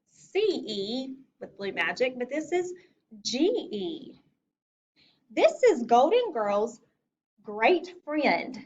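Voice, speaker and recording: A woman teacher giving a phonics lesson to young children, speaking slowly, clearly and encouragingly. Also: a little high, slight background noise. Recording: distant lo-fi recording.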